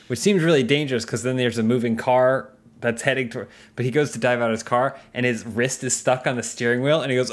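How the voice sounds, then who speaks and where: A man's voice: mid-range voice, steady tone, a little fast. A man hosting a podcast, casually retelling a movie plot with lots of restarts and voiced quotes. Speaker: podcast host. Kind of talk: casual chat.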